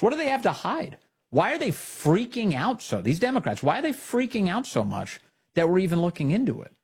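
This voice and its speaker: A man's voice: high voice, a little mellow, husky. A man hosting a political talk show, delivering indignant commentary full of sarcastic rhetorical questions.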